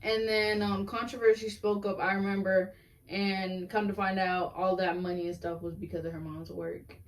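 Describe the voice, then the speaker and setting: A woman's voice: mid-range voice, moderate pace. A teenage girl co-hosting a podcast, chatting casually and telling stories with plenty of giggles. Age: teens. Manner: giggly, animated storyteller. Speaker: podcast co-host. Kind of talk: casual chat. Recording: distant mic.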